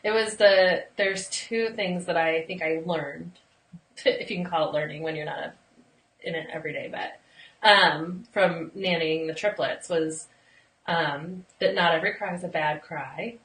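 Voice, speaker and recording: A woman's voice: fairly low pitch, measured pace, a bit bright. A woman hosting a casual interview, a chatty storyteller who laughs often. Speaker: interview host, former nanny. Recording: echoey room, distant mic.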